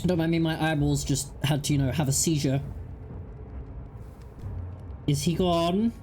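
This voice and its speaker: A woman's voice: low voice, fairly even intonation, fast talker, warm tone. A young woman streaming a horror game, joking at herself and reacting aloud in a playful, casual way. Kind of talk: casual live gameplay commentary. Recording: stream with faint game music.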